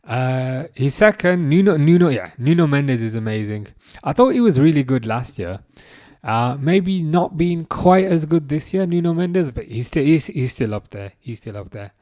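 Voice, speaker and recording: This live stream host, a man in his thirties, reads out viewer comments in a casual chat full of halting restarts and dry humor. He sounds warm and expressive, with a voice on the high side and no room sound.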